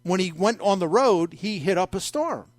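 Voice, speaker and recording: A man hosting a sports talk radio show, talking in a wry, conversational, animated way into a studio mic. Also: high-pitched, normal speed, dry recording. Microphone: studio microphone.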